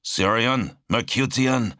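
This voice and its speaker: A grim warrior leader barks short commands over the radio, as a male narrator voices him raised somewhat above his own deep register. The tone is terse and hard. It is an audiobook character voice. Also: takes it slowly, bright, forceful tone, dry recording, clean studio sound. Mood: commanding.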